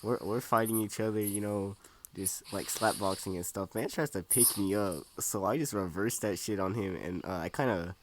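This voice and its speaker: A young man with a fairly low voice, chatting casually on a podcast call and telling stories in a laid-back way. His audio comes with a clear hiss of noise behind it. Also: normal speed. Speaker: podcast co-host.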